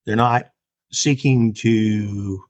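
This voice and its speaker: Guy doing a slow bible lesson, lowish voice, dry close sound. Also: steady tone, dry recording. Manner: slow, deliberate, with many pauses. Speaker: Bible teacher.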